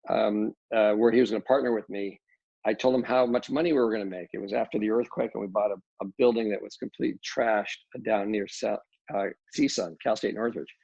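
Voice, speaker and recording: A man's voice: on the low side, vocal fry, a little mellow, dry recording. A middle-aged man, a real estate developer, talking casually in an interview with many restarts and fillers. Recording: dull lo-fi dry audio.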